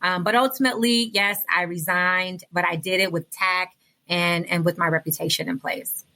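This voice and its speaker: Female interview guest: bright, tense voice, animated, heartfelt, talks to listeners directly. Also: on the low side, moderate pace. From United States. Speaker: podcast guest. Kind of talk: casual interview storytelling.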